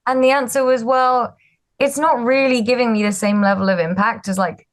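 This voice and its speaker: A woman's voice: on the high side, fairly even intonation, normal speed. Young woman, founder guest; chatty, self-deprecating, filler-heavy storytelling. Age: 20s. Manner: chatty, frequent ums and likes, self-deprecating. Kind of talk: casual interview storytelling.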